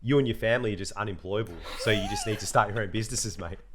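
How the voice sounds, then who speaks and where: A man's voice: fairly low pitch, rapid-fire, background noise. An Australian man co-hosting a podcast, chatty and teasing, casually talking over a remote call. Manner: chatty, teasing, drops "mate" often. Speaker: podcast co-host. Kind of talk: casual chat.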